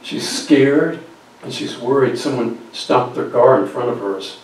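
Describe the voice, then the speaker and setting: A man's voice: mid-range voice, measured pace, a little mellow, a little hiss or hum. Guy preaching a bible story, drops almost to a whisper, very echoey church, far from the mic. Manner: acts out quoted voices, drops to near whispers. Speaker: guest speaker. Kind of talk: storytelling sermon. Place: church sanctuary.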